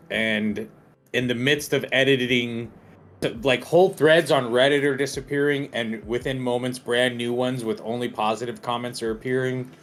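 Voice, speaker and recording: A man's voice: medium pitch, a bit bright. A man co-hosting a gaming podcast, reading out news with wry, dry comments. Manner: wry, reads out news aloud. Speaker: podcast co-host. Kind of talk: casual podcast chat.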